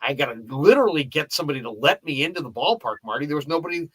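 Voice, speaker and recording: A man hosting a casual sports radio show, telling anecdotes as a lively storyteller who acts out the dialogue. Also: a little high, very fast, slightly rough.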